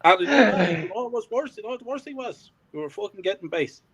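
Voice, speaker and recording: A man's voice: high-pitched, quick pace, crowd noise. A man, co-hosting a casual fan chat and telling heated, expletive-filled stories. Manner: swearing heavily, heated and animated storytelling. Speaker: co-host of a fan podcast.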